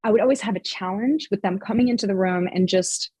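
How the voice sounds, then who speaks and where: A woman fitness coach speaks as a podcast interview guest, explaining earnestly with lots of fillers and restarts. Her voice is husky and a bit breathy, sitting at an ordinary pitch. The sound is dry and close. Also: fast, hardly any pauses, warm tone, no room sound.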